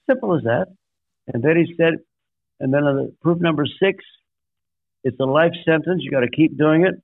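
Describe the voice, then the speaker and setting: A man's voice: on the high side, moderate pace, vocal fry, no room sound. Older man preaching over a tinny line. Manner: emphatic, numbered points, acts out quotes. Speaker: guest pastor and author. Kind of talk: sermon-like storytelling. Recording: dry, tinny phone-like line.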